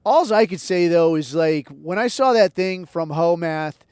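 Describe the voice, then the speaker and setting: A man's voice: a little high, expressive, a little slow, darkish tone, clear, resonant tone, no room sound, studio quality. A man hosting a podcast, telling a long casual story in a laid-back, slangy way and acting out the other people's lines. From United States. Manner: laid-back, slangy, acts out quoted dialogue. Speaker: podcast host.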